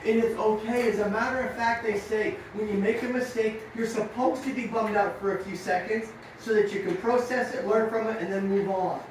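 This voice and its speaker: A middle-aged man giving an energetic motivational talk to young riders as their coach, telling stories and acting out the dialogue. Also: high voice, fairly quick, few pauses, slight background noise. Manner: energetic, storytelling, acts out dialogue. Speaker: riding coach. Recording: echoey room, far from mic.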